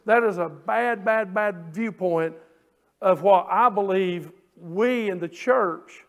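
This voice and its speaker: A man's voice: high voice, takes it slowly, fairly bright tone. A man preaching a sermon to his church, drawing out scripture phrases and building emphasis. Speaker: pastor. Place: church sanctuary.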